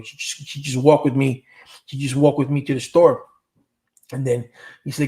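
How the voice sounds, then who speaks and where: His medium-pitched voice stays steady and a little mellow at a fairly quick clip. The middle-aged man is livestreaming, replying to viewer comments and telling casual, rambling stories full of street slang and cursing.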